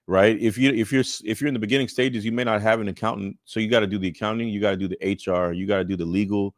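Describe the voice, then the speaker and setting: A man's voice: low-pitched, dry recording, studio quality. A man reacting to a video and earnestly explaining how business owners burn out, repeating key points. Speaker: accountant and business coach reacting. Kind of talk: reaction commentary, advice.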